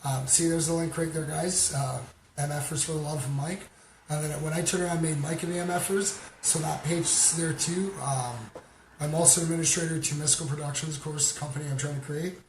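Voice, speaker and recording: A man from Canada hosting a livestream, chatting casually and giving shout-outs to viewers, rambling with many fillers. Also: a little high, fairly even intonation, a little fast. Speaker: livestream host. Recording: roomy sound with background noise.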